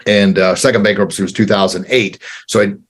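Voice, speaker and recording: A man in his forties, an entrepreneur guest, telling a candid personal story in an earnest, halting way with repeated words, getting choked up. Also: fairly low pitch, steady tone, slightly rough.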